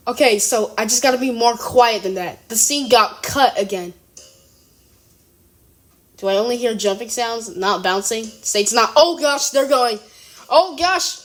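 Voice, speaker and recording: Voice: mid-range voice, unhurried, a bit bright. A young speaker at home, giving a casual reaction commentary, often giggling and exclaiming in surprise, rambling and correcting themselves. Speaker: reaction video creator. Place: room at home.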